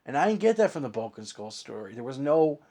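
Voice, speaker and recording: A man's voice: medium pitch, sing-song, fast, dark tone. A man co-hosting a casual comic podcast, talking animatedly and acting out characters in playful voices. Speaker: podcast co-host. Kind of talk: casual chat.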